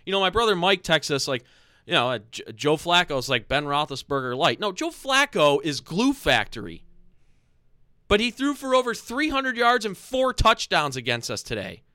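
A man ranting angrily about his football team on a podcast, loud and swearing, repeating himself. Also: a little high, sing-song, dry recording, clean studio sound. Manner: angry, loud, swearing, fast repeated phrases. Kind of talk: heated sports fan rant.

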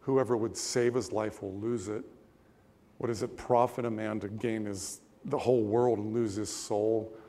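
Storytelling preacher in an echoing sanctuary. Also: male voice, lowish voice, fairly even intonation, mellow. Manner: conversational storytelling with pauses and asides. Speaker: pastor. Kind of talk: sermon. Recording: long church-hall reverb.

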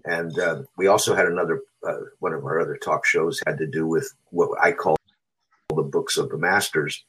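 A middle-aged radio talk show host with a very low, deep voice rambles on encouragingly, filling gaps with ums and restarts. His tone is heavily husky and breathy, with a rough grain throughout. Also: fairly even intonation, moderate pace, fairly bright tone, poor audio. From California. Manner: encouraging, rambling, many fillers. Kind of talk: casual chat.

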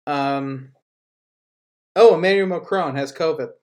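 A male podcast host with a fairly high voice chats casually. He jokes and swears a lot, and he mimics the people he talks about. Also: unhurried, a little mellow. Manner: joking, profane, quotes people in mock voices.

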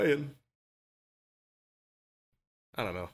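A man co-hosting a casual podcast, a little sick and hoarse, rambling and laughing as he talks. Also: medium pitch, expressive, measured pace, a bit bright. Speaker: podcast co-host.

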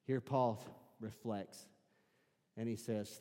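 A man with an Arkansas accent and a squeaky voice, a pastor preaching a sermon in a church, swinging between shouted preaching and quiet, intimate talk. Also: normal speed, long reverb tail. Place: church sanctuary.

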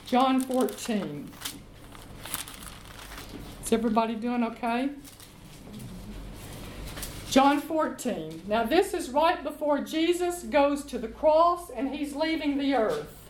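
A woman leading a Bible study, reading scripture aloud and explaining it in a slow, deliberate way. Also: high voice, expressive, slight background noise. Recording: echoey room.

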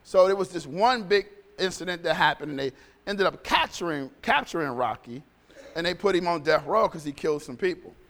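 A man's voice: on the high side, expressive, brisk, a bit bright, in a large hall. A male pastor preaching a sermon in a conversational, storytelling way, often repeating phrases.

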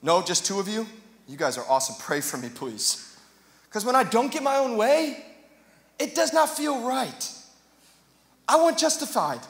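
Male pastor, higher voice, chatty sermon with bursts of passion, roomy church sound. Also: sing-song, normal speed, long pauses, fairly bright tone. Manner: conversational preaching with jokes, rising to passionate emphasis. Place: church sanctuary. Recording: echoey hall reverb.

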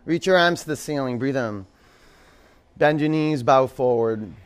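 A man guides a yoga class in a studio, calling out poses and breathing cues at a medium pitch. He drifts into playful, chatty stories between instructions before settling back into the flow. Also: unhurried, clean tone. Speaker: yoga teacher.

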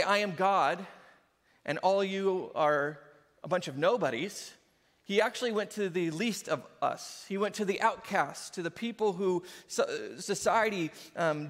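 A man preaching a sermon in an animated way, often laughing and acting out what people say. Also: sits high. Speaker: pastor. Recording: hall reverb.

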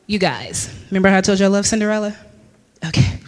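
A woman in her thirties telling a lively personal story to a church congregation, laughing often and acting out what people said. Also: mid-range voice, quick pace, big-room sound. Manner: animated storyteller, laughs often, acts out quotes. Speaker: church speaker. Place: church hall.

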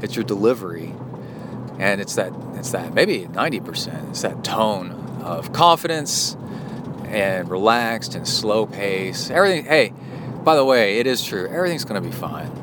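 A man from the United States records his podcast alone behind the wheel, speaking in a fairly low, expressive voice at a measured pace. He rambles off on tangents and corrects himself, over the hum of the road and car.

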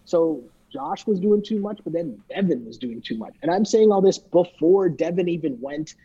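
A man's voice: a little high, lively intonation, moderate pace, warm tone, husky. A man co-hosting a podcast, chatting loosely and joking as he recaps and mimics people. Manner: rambling, joking, imitates people he talks about. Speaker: podcast co-host. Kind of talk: casual podcast recap chat. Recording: dull lo-fi mic sound.

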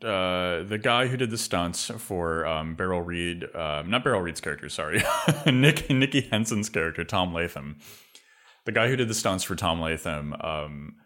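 A man's voice: sits low, animated, moderate pace, fairly bright tone. A man co-hosting a podcast, talking movies in a rambling way, full of filler words. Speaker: podcast co-host. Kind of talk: casual film discussion.

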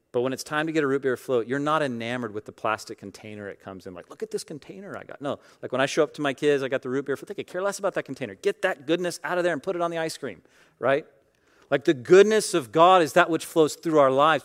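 A man preaching a sermon in a relaxed, chatty way. His voice sits a little higher than most men's. It jumps between hushed asides and loud, emphatic peaks as he makes his points. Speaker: pastor.

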